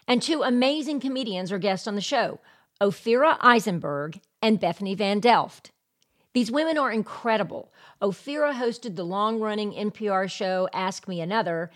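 A woman hosting a podcast, reading scripted introductions of her guests. Her voice sits at a middle pitch, and she sounds keen about who is coming up. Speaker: podcast host.

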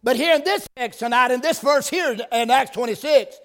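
High-voiced preacher in a reverberant church. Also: male voice, moderate pace, hardly any pauses. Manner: builds from quiet prayer to loud emphatic preaching. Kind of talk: sermon. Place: church sanctuary. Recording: long reverb of a church hall.

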